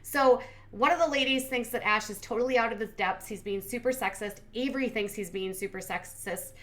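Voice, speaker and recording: A woman's voice: on the high side, a little fast, a bit bright. A woman hosting a commentary channel, recapping a reality show in casual, sarcastic, blunt talk full of "like". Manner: sarcastic, blunt, heavy use of "like".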